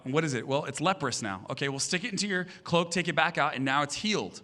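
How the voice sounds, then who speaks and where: Bright-voiced pastor preaching with humor. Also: male voice, a little high, expressive, brisk, few pauses. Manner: humorous storytelling, acting out voices. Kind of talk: sermon. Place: church stage.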